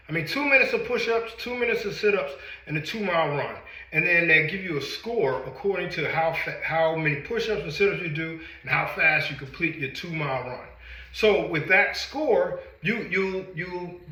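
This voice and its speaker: A middle-aged male fitness coach, still winded from a workout, talks straight to his viewers with energy. His voice sits a little high and rings bright and forceful. The room around him is echoey. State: out of breath after a workout. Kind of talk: motivational talk to camera.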